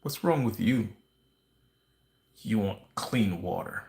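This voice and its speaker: A man's voice: lowish voice, lively intonation, takes it slowly, gravelly, a little mellow, exaggerated voice. A man voicing a smug, manipulative narcissist who talks in an indignant, guilt-tripping, mock-pleading tone. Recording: roomy echo.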